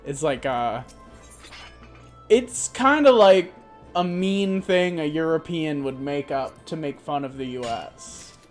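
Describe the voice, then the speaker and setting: A young woman streamer chatting casually in a rambling, animated way, swearing freely. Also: low voice, a little slow, hardly any pauses, faint music behind. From United States. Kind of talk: casual chat.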